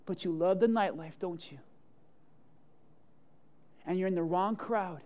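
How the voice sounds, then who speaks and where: Animated high-voiced pastor. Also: male voice, unhurried. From Hialeah, Florida area. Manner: animated, jokey, swings from loud to hushed. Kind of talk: sermon with personal storytelling.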